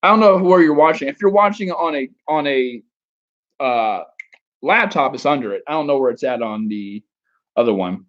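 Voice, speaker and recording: A man's voice: mid-range voice, animated, moderate pace, a bit bright, muffled recording. Rambling, crude man on a live stream. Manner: rambling, crude and joking, with many restarts. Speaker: dating coach answering viewer chat. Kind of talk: casual live stream chat.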